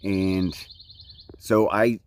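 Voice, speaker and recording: A man's voice: low voice, level tone, extremely slow. Laid-back surfer-talking man outdoors. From Central Florida. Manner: laid-back surfer talk, lots of "like, you know, man". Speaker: thru-hiker vlogger. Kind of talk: casual trail vlog. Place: outdoors on a mountain trail.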